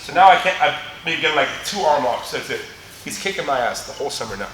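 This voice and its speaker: A man's voice: on the high side, expressive, quick pace, fairly bright tone, a little hiss or hum. A middle-aged man teaching a martial arts seminar, telling stories between moves, often laughing. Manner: joking storyteller, laughs often, demonstrates moves. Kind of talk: live teaching seminar with anecdotes. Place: large echoey training gym. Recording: echoey gym with faint ambience.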